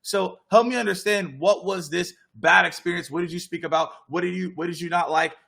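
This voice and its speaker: A young man, hosting a casual live Q&A and coaching viewers on sales calls in an energetic, direct way. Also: high-pitched, fairly quick, vocal fry, breathy edge.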